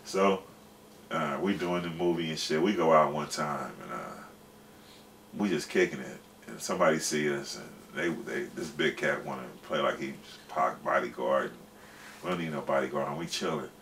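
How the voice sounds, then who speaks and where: A man's voice: a bass voice, normal speed, fairly bright tone. A man in his forties, a guest telling a long, rambling story in profane, slangy casual speech. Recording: distant mic with faint background noise.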